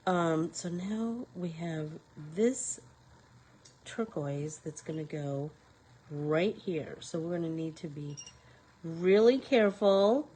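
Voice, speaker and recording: A woman's voice: low voice, takes it slowly, dark tone, a little hiss or hum, rough recording. A woman hosting a live painting tutorial, talking casually to viewers and to herself as she works. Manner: talks to herself while working, rambling. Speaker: craft show host.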